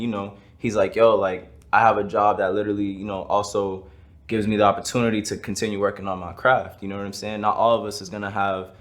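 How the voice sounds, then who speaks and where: Man, very deep voice, monotone, loose rambling talk, casual interview. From Boston area. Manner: laid-back, loose and rambling. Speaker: vlog host.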